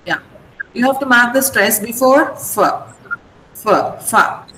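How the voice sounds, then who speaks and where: High-voiced Indian English teacher drilling words. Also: female voice, background noise. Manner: patient, repeats words slowly for drilling. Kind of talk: online pronunciation lesson. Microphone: computer mic on a video call.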